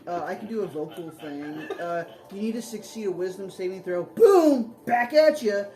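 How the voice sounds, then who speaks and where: A woman's voice: lowish voice, fairly quick, dark tone, roomy sound. A woman playing a tabletop game, playful and laughing often. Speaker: player. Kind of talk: casual tabletop play.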